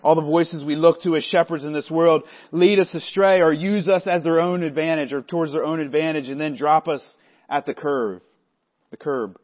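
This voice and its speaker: A man preaching a sermon as pastor, measured and earnest, sometimes stumbling and restarting his words. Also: fairly high pitch, steady tone, highs cut off. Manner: measured preaching with frequent restarts, voicing the disciples conversationally.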